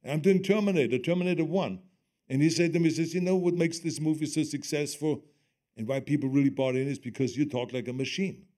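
A fast-talking older man with a German accent and a slightly high voice shares stories on stage as a guest in conversation, animated and often breaking into laughter when he quotes others.

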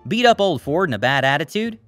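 A man voicing a young male store clerk who speaks quietly and matter-of-factly. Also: on the high side, sing-song, fast talker, no echo, faint music behind. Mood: dry. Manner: quiet, dry, matter-of-fact.

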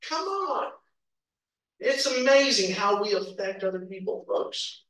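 Animated male preacher, somewhat high voice, echoey church sound. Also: moderate pace. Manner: animated storytelling with laughs and acted quotes. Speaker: pastor. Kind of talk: sermon. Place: church sanctuary. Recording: roomy echo, from a distance.

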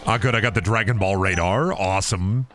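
A man's voice: lowish voice, a little fast, over music. A young man giving goofy, joking commentary on a game stream, swearing and laughing often.

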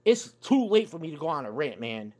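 Angry, foul-mouthed fan ranting. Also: male voice, fairly high pitch, sing-song, fairly quick, a little mellow. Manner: angry, profane, swearing constantly. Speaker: YouTube sports fan ranter. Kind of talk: profane sports fan rant.

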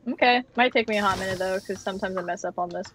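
A woman's voice: mid-range voice, racing, fairly bright tone. A woman chatting casually while playing an online game with friends, joking and slangy. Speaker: gamer.

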